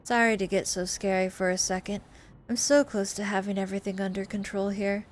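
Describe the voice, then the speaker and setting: A woman's voice: mid-range voice, steady tone, fairly quick, natural voice. Woman reading a curt, menacing young woman. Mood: cold. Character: stern, threatening young woman cousin.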